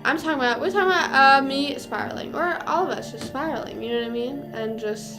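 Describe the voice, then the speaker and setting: A woman's voice: high-pitched, brisk, hardly any pauses. A young woman streamer chatting casually, rambling with lots of fillers and swearing. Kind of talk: casual livestream chat. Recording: music playing behind.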